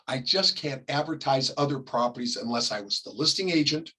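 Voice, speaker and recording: A middle-aged man from California teaching a class, talking casually and acting out quick examples, often coughing and clearing his throat. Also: medium pitch, animated, sharp tone, rough recording. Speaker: real estate ethics instructor. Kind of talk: classroom lecture.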